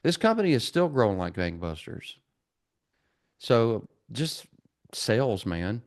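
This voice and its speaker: A man's voice: medium pitch, measured pace. A man in his forties, a trades business coach, telling stories in a podcast interview and acting out the dialogue. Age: 40s. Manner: animated, acts out dialogue in quoted voices.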